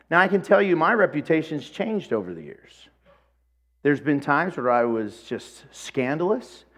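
A man's voice: fairly high pitch, slightly rough. A man preaching a sermon as pastor, telling a personal story with animation and acting out bits of dialogue.

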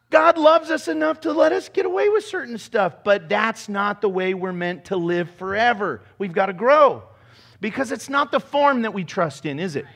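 A male pastor preaching a sermon in an animated way, acting out voices and mocking impressions. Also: high voice.

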